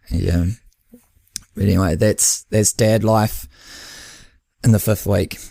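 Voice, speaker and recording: A New man with a lowish voice chats on a podcast in a loose, rambling way. He laughs often and acts out his own lines of dialogue. The recording is dry and close. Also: takes it slowly, gravelly, warm tone, no echo. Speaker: podcast co-host and endurance coach. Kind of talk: casual chat.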